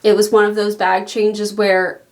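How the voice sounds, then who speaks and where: A woman's voice: medium pitch, flat delivery, a little slow. A chatty woman talks casually to her camera, rambling through her thoughts with small laughs along the way. She sounds a little out of breath as she goes. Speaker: vlogger.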